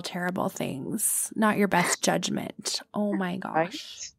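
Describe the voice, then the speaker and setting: A woman's voice: fairly low pitch, slow pace, creaky, slightly rough, no echo. A woman interviewing a guest, reacting with sympathetic, joking asides.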